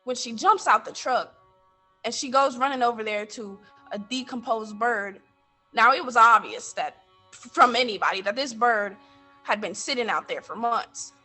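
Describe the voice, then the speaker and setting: Girl acting out a blunt middle-aged guy from the coast, gets loud telling it, bright voice. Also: fairly high pitch, moderate pace, faint music behind. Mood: heated. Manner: storytelling, gets heated and loud. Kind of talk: stage monologue from interviews.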